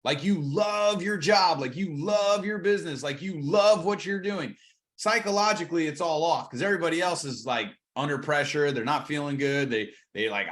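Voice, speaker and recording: A man coaching on cold calling, energetic and acting out both sides of the calls. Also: fairly high pitch, normal speed. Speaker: real estate coach.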